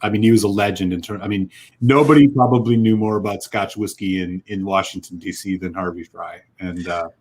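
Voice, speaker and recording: A man's voice: deep voice, steady tone, brisk, darkish tone. A man co-hosting a casual whisky chat, telling a heartfelt, rambling story with lots of fillers. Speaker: whisky podcast co-host.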